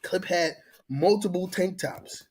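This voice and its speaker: A man's voice: high voice, takes it slowly, darkish tone, breathy edge. Sick man in laughing banter. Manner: laughing, repeats "you know what I mean". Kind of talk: casual banter.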